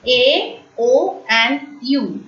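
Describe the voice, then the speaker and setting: Speaking slowly and at a high pitch, a woman teaching French patiently says each word again and again for her students, her tone a touch bright. The dull lo-fi mic sits at a distance, picking up plenty of echo from the large room.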